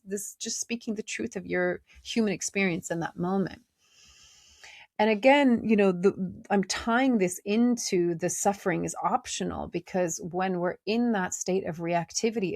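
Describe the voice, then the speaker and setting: A woman hosting a podcast, speaking in a gentle, conversational way with many fillers as she reflects on inner life. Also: fairly low pitch, moderate pace, gravelly, dry recording, clean studio sound. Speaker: podcast host. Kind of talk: reflective spiritual talk.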